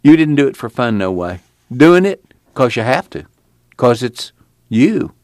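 A man voicing an earnest, excitable former preacher with a rural drawl. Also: medium pitch, unhurried, no echo, clean studio sound, pitched above the performer's own voice. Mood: impassioned. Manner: rural Dust Bowl drawl, impassioned.

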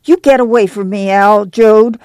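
A reader voicing a quick-tempered young woman who snaps back sharply. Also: medium pitch, smooth, dry recording, studio quality, voice pushed up, lightly acted. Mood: indignant. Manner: indignant, sharp retorts.

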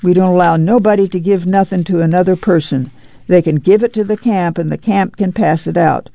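A reader voicing a proud, fierce poor woman, speaking in a bitter, hoarse way. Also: mid-range voice, steady tone, brisk, mellow, dry recording, highs cut off, lightly acted.

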